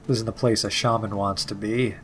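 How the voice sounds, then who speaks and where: A man's voice: on the low side, flat delivery, a little fast, a bit bright, faint music behind. A man hosting a let's play, reading game text and making dry, wry remarks. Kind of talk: casual gaming commentary, reading game text aloud.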